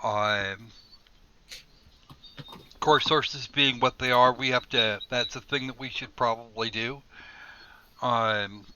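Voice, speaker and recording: Male panel host, casual, bright edgy tone, lo-fi hiss. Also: medium pitch, steady tone. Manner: loose, halting, many fillers. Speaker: podcast host. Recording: dull lo-fi mic with faint hiss.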